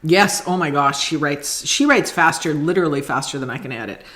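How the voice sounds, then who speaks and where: A middle-aged woman with a lowish voice co-hosts a relaxed podcast chat. She talks freely about her own writing, doubles back on her words and laughs easily. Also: a little fast. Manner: chatty, repeats words while talking, laughs often. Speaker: podcast co-host and author. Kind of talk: casual chat.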